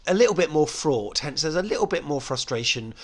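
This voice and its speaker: A man's voice: fairly high pitch, lively intonation, a little fast. A man hosting a football fan channel, rating players in a casual, rambling way, full of ums and you-knows and small self-corrections.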